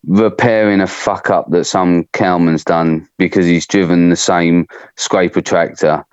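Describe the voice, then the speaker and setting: English man with a low voice on a phone line. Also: steady tone, measured pace, clear, resonant tone, no room sound. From England. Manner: dry, self-mocking humor. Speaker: guest, dairy farm worker. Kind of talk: casual chat over a phone call. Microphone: phone call. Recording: muffled phone-line audio.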